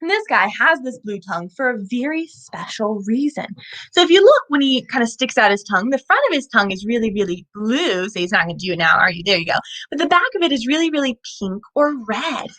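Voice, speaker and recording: A woman hosting a live children's animal show, animated and asking young viewers questions as she presents a lizard. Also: fairly high pitch, a little fast.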